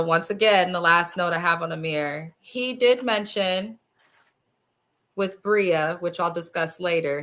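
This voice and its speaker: A woman's voice: deep voice, fairly bright tone. A woman hosting a casual show that recaps reality episodes. She agrees readily and laughs often. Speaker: host.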